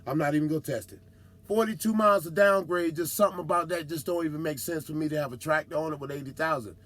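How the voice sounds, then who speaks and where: Animated high-voiced trucker telling road stories. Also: male voice, fast. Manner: animated, slangy, acts out other drivers with whoops. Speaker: truck driver vlogger. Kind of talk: casual storytelling monologue.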